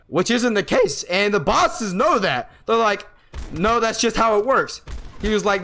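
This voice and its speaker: A man's voice: high-pitched, very animated, unhurried, gravelly, bright, forceful tone. A young man telling a story about his job in a casual, profane, exasperated way, acting out the lines of the people he quotes. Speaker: vlogger.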